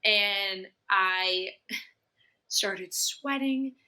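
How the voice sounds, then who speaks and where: A young woman co-hosting a podcast, telling stories in a casual, animated way, swearing often and acting out her own panicked thoughts. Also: mid-range voice, drawn-out words, poor audio. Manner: swearing, animated storytelling with acted-out inner voice. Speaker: podcast co-host. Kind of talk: casual chat.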